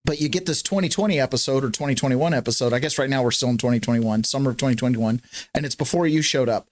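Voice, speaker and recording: A man's voice: mid-range voice, quick pace. A man hosting a casual morning podcast, chatty and laughing, rambling with restarts, with the hiccups today. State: has the hiccups. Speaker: podcast host.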